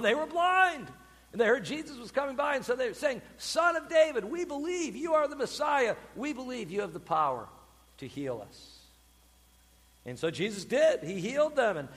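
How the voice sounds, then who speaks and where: High lively preacher guy, church hall echo, shouts out the quoted cries. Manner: animated preaching, calls out quoted cries loudly. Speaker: pastor. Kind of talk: sermon.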